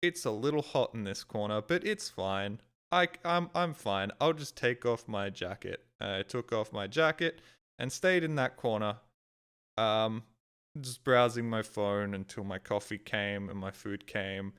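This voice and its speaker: Swearing man with a smooth voice. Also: lowish voice, a little slow, fairly bright tone. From Australia. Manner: rambling, swearing, frustrated. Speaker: streamer. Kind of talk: casual storytelling.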